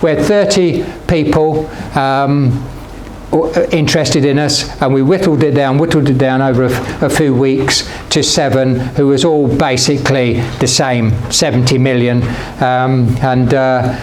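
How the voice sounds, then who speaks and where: Medium in pitch and a little mellow, this man's voice has fairly even intonation and a slightly slow pace. The retired business founder shares casual anecdotes about business, rambling with frequent fillers and restarts; the sound is very echoey, distant-miked, and faintly noisy.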